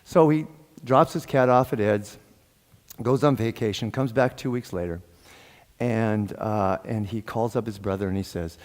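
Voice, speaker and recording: A man's voice: on the low side, unhurried. A man giving a sermon as a guest minister, telling jokes and stories, laughing often and acting out the dialogue in his stories. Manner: animated, laughs often, acts out quoted dialogue. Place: church sanctuary. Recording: long hall reverb.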